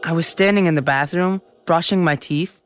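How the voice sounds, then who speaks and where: A woman playing a seventh-grade boy who narrates his own story in a full-cast audiobook, lively and chatty with sudden yells. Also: lowish voice, normal speed, dry recording, faint music behind, lightly acted. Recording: dry close studio sound.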